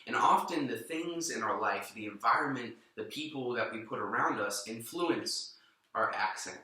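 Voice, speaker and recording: Young man, casual earnest preacher, bright tone, distant mic. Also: mid-range voice, lively intonation, moderate pace, heavy reverb. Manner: earnest, informal, with frequent restarts. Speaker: youth minister. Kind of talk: short sermon message.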